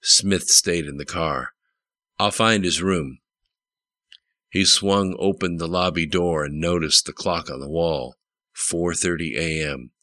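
Low-voiced man reading a thriller. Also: steady tone, unhurried, sharp tone, dry recording. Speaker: narrator. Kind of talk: audiobook narration.

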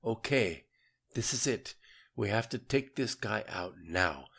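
A man voicing a gruff, hard-driving male military commander in an audiobook. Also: fairly low pitch, animated, slow, a bit bright, exaggerated voice. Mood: commanding. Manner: barking orders. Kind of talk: audiobook reading.

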